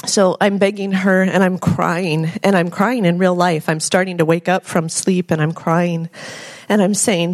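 A woman sharing a heartfelt testimony in church, earnest and laughing softly now and then. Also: on the low side, fairly even intonation, unhurried. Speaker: congregation member sharing a testimony. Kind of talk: spoken testimony.

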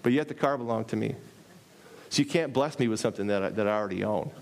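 A man preaching a sermon, animated, repeating phrases for emphasis and acting out little dialogues. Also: fast talker, gravelly, slight background noise. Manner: animated, acts out dialogue with pitch jumps.

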